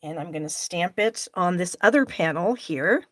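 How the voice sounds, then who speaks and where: During a live stamping demonstration, the middle-aged host talks to viewers by name and makes no secret of her frustration over her own errors. She speaks at a normal speed in a lowish, expressive voice.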